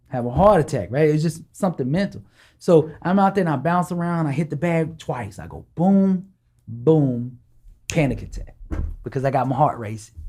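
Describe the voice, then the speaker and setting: A man, a guest in a podcast interview, telling a personal story with animated energy and acting out the dialogue as he goes. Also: on the high side.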